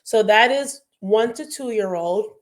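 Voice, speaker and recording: A woman's voice: on the high side, slow. A young woman who works in early child care, talking casually to parents in a candid, rambling way with many fillers and restarts.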